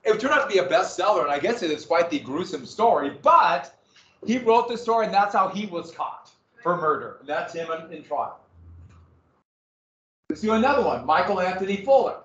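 A man's voice: sits high, lively intonation, normal speed, fairly bright tone. A man giving a casual, jokey slide presentation to a small group, chatty and given to tangents. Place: room with a small audience. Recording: roomy, distant, slightly dull.

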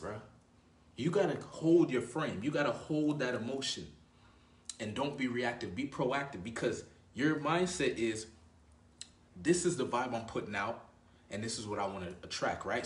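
In a casual advice monologue, a man acting as a dating coach speaks conversationally and with slang, calls the viewer "bro", and keeps tagging his points with "right?". His voice is mid-range, captured in a roomy space away from the microphone.

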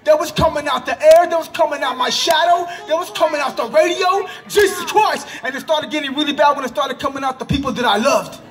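A man giving an impassioned religious testimony outdoors in a park, often breaking into shouts and repeating himself for emphasis. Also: extremely high pitch, brisk, few pauses, faint music behind.

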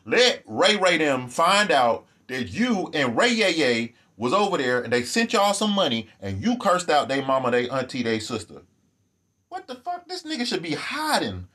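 A man giving ranting vlog commentary, animated, profane and sarcastic. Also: mid-range voice, normal speed, hardly any pauses.

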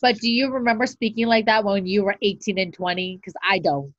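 A woman podcast co-host in casual chat, ranting in an exasperated, animated way. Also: medium pitch, a little fast, no room sound, dull audio.

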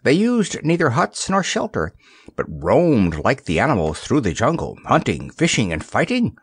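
A man's voice: medium pitch, moderate pace, breathy edge, no echo, pitched above the performer's own voice, heavily acted. A man voicing Nickaboo, a grave lady hippo. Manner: grave, calm and solemn. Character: gentle wise female hippopotamus.

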